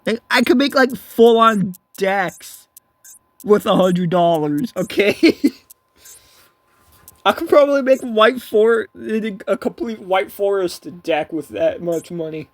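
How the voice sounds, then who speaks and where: A man's voice: high-pitched, slow pace, no echo. A man giving casual, rambling commentary over his own gameplay, swearing freely and often breaking off to restart his sentences. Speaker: gaming video creator.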